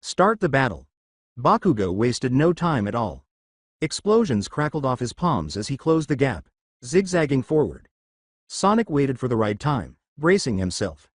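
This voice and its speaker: A man narrating a fan fiction story, reading at an even storytelling pace. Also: medium pitch, moderate pace, no echo, studio quality.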